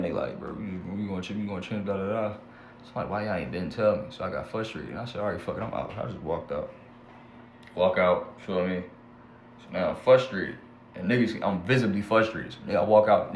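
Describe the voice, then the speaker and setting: A young man telling his own story in a casual, slangy rant, acting out both sides of each exchange. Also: deep voice. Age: young adult. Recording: echoey room with faint background hum.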